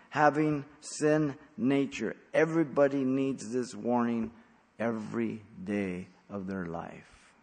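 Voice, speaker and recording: Blunt preaching man in a reverberant hall. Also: mid-range voice. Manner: emphatic, blunt preaching with sudden loud emphasis. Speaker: pastor. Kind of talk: expository sermon.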